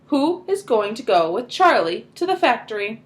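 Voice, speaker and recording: A woman voicing a practical, caring mother who speaks briskly and soothingly in a children's book reading. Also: fairly high pitch, sing-song. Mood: calm.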